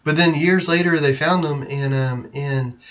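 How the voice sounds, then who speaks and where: A man's voice: a little high, steady tone, measured pace, a bit bright, muffled recording. A man co-hosting a casual live stream game, telling stories in a rambling, hesitant way with many restarts. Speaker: livestream co-host. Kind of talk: casual chat.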